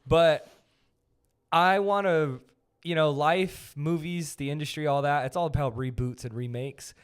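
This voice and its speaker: A young man hosting a podcast, chatting casually and telling a story with animated energy. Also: on the high side, measured pace, clear, resonant tone. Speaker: podcast host.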